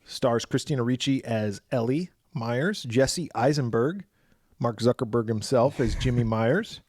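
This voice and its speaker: A man co-hosts a casual horror podcast, joking and laughing often as he runs through a film's cast list with asides. His mid-range voice is a little slow and mellow, recorded in studio quality with no room sound.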